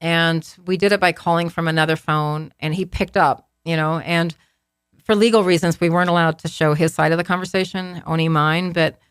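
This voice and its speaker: A woman's voice: on the low side, smooth, dry recording, studio quality. A woman guest in a casual interview, telling her story candidly and searching for words with frequent restarts. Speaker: podcast guest.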